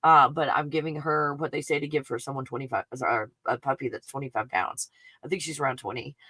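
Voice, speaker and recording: A woman's voice: extremely low pitch, fairly even intonation, brisk, bright, forceful tone, husky, dry recording. A woman hosting a livestream, chatting casually and laughing as she rambles about her puppy. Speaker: livestream host. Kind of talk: casual chat.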